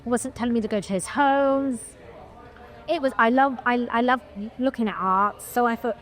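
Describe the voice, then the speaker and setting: Animated woman telling a story. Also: on the high side, normal speed. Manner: animated storyteller, acts out quotes, frequent restarts. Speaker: guest film producer. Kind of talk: casual interview storytelling.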